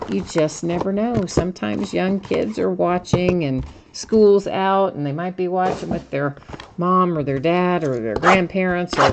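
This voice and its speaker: A woman's voice: on the low side, background noise. A middle-aged woman hosting a live card break stream, chatting casually, laughing often, reading out cards and viewer comments.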